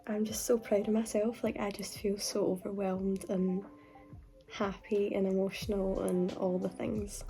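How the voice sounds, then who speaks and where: A woman's voice: mid-range voice, level tone, unhurried, gravelly, dark tone, soft background music. A woman in her twenties vlogging in a chatty, emotional way, often saying "like". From Scotland. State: hoarse from illness. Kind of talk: casual vlog chat.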